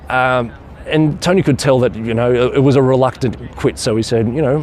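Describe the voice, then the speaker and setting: A man's voice: medium pitch, normal speed, darkish tone, a little hiss or hum. A man vlogging outdoors and telling a story in an enthusiastic, rambling way. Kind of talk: casual storytelling to camera.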